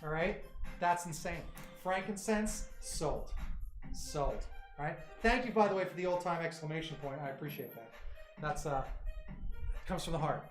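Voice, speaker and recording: A man hosting a livestream, rambling excitably as he chats with his viewers. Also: fairly high pitch, brisk. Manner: excitable, rambling, talks to chat. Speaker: livestream host. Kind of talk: casual livestream chat. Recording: roomy echo, faint music.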